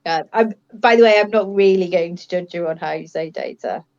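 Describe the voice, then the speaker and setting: A woman's voice: lowish voice, fairly quick. English woman with an Australian twang, dull sound. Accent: English with an Australian tinge. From England. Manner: lively, laughing anecdote teller. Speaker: podcast co-host. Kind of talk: casual chat.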